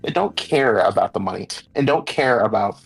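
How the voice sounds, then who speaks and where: A man speaking as a podcast guest, earnest and halting, with lots of fillers. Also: on the low side, expressive, vocal fry, breathy edge, soft background music, poor audio. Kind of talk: casual podcast chat.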